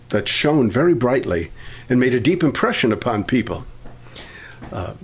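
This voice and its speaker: Husky guy preaching at a camp, slow, lots of uh's, leans hard on key words. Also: mid-range voice. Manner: unhurried, frequent "uh" pauses, rising emphasis on key words. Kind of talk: sermon.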